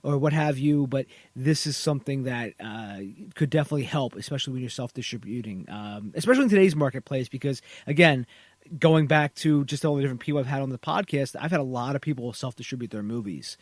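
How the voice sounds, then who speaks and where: A man's voice: mid-range voice, quick pace, no room sound. A man hosting a podcast interview, rambling casually with many restarts and "you know"s. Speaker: podcast host.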